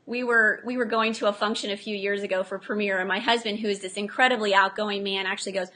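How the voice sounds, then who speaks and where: A middle-aged woman, an entrepreneur guest in a casual interview, telling lively stories and acting out what people said. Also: mid-range voice, fast talker. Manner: animated storyteller, acts out quotes.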